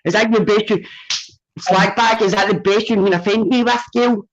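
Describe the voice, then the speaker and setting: A woman's voice: mid-range voice, steady tone, moderate pace. A Scottish woman taunting and mocking someone in a sweary livestream argument. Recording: dull lo-fi stream audio.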